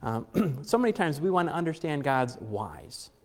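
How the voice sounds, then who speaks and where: A man's voice: fairly high pitch, sing-song, normal speed. A middle-aged man preaching a conversational sermon to his congregation, chatty, with joking asides and frequent fillers and restarts. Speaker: pastor. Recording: long hall reverb.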